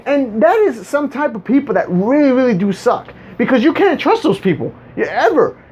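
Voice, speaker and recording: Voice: medium pitch, very animated, moderate pace, a little mellow, a little hiss or hum. A vlogger ranting casually to viewers, rambling and stumbling over repeated words with a sarcastic edge. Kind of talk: casual monologue rant. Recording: dull lo-fi recording.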